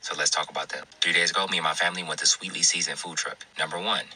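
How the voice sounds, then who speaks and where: A man, a food reviewer, calmly explaining himself point by point in a statement video. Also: sits low, very fast, slight background noise. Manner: calm, methodical, numbered points. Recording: voice a bit distant from the mic.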